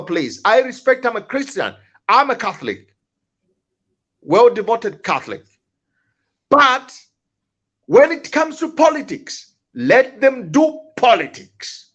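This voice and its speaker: A man's voice: very high voice, big pitch swings, slow, long pauses, fairly bright tone. A man speaking as a talk-show panelist, angry and impassioned, often repeating words and restarting. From Zambia.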